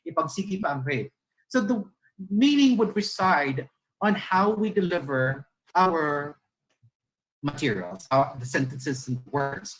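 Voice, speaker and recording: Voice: medium pitch, a bit bright, low-quality recording. Explanatory teacher with a Filipino accent. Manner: explanatory, checks in with listeners often; demonstrates intonation by reading lines aloud. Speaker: teacher giving a talk on literacy. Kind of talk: lecture-style webinar talk.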